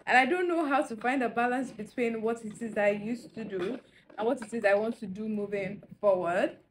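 A woman's voice: a little high, normal speed, slight background noise. Chatty young woman vlogging candidly. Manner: candid, rambling, talks straight to viewers. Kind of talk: casual chatty vlog. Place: indoors at home.

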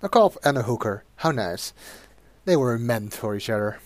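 A man commentating an old cop adventure game as he plays, tossing in dry, wry asides. His voice is mid-pitched, on a close desk mic. The sound is dry. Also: lively intonation, normal speed, no room sound. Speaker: let's play narrator. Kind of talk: game commentary and reading game text.

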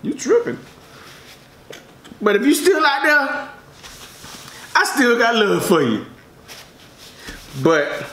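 Male food vlogger, animated storyteller with a bright voice, laughing often, recorded in a roomy space. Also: very high voice. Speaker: mukbang vlogger. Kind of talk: casual storytelling to camera while eating. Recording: roomy echoey room.

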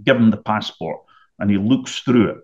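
A middle-aged man from the United Kingdom, a podcast guest telling a vivid story and often clearing his throat. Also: on the low side, normal speed, a little mellow, highs cut off. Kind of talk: storytelling anecdote.

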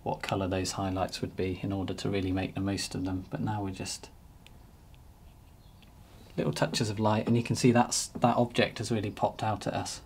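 A man narrating a painting demonstration as he works, relaxed and thinking aloud. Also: fairly low pitch, moderate pace, a little hiss or hum. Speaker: painting teacher.

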